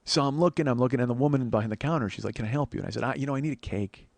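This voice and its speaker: A man's voice: mid-range voice, very fast, creaky, no room sound. A man telling a long comic story on a podcast, swearing freely and acting out both sides of a conversation. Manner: profane, animated storytelling, breaks into laughter.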